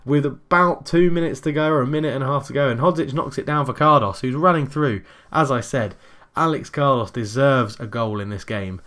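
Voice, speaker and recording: Excitable man calling a football game. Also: medium pitch. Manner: excitable play-by-play, shouts at goals. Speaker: gaming YouTuber. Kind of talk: let's play commentary.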